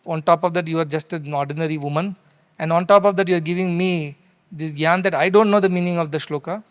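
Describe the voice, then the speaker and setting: A man's voice: fairly high pitch, steady tone, fast, clear, resonant tone, natural voice. A man voicing an irritated, proud old male Sanskrit scholar who defends himself indignantly. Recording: long hall reverb.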